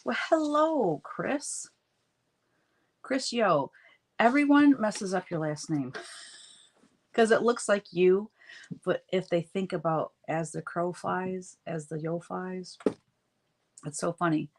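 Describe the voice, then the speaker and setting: A woman's voice: on the low side, slow, long pauses. Chatty woman greeting her live viewers. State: sniffly from allergies. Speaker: livestream host chatting with viewers. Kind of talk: casual live stream chat while crafting.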